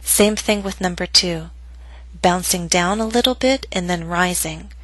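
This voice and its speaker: A woman's voice: on the low side, a little slow, a bit bright, no echo, rough recording. Woman teacher narrating a pronunciation lesson, patient and carefully articulated, dry close sound. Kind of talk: scripted instructional narration.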